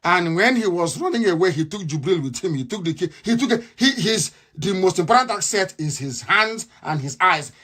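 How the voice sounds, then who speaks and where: A man's voice: sits high, lively intonation, moderate pace, hardly any pauses, sharp tone. A man giving a live radio broadcast monologue, fiery and scornful, repeating his points.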